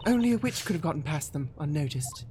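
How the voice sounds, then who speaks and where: A man voicing Foxy, a vain and fussy lady in a game, with a prissy, drawn-out complaining manner. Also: fairly high pitch, dark tone, slight background noise. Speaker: game streamer voicing characters.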